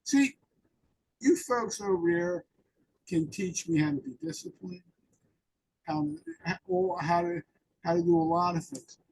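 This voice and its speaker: A man's voice: high voice, big pitch swings, measured pace, gravelly, pauses often, a little mellow, husky, low-quality recording. A man in an interview, telling rambling personal recovery stories and acting out the dialogue. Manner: rambling anecdotal storyteller, acts out dialogue. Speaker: interview guest.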